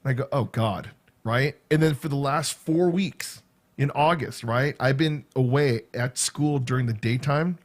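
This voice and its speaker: A man's voice: mid-range voice, normal speed. A man in his fifties telling a rambling, casual story to his viewers, full of fillers and repeated words. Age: 50s. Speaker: vlogger and school teacher. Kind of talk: casual chat.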